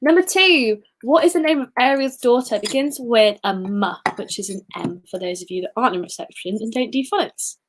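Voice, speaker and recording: A woman's voice: fairly high pitch, a little fast, few pauses. A young woman hosting a casual livestream quiz, chatty and giggly with self-deprecating asides. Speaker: quiz host.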